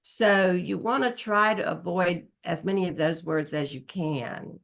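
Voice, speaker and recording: A woman who writes children's books, sharing practical writing tips in a calm, steady way on a video call. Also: on the low side, unhurried, vocal fry. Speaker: guest children's author. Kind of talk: casual group chat on a video call.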